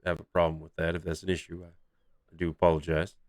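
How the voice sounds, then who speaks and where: A man's voice: low-pitched, little pitch movement, quick pace, dry recording, studio quality, close to an everyday voice. A man voicing a polite, humble half-elven sea captain who hesitates and apologizes a lot. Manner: hesitant, apologetic, full of uhs.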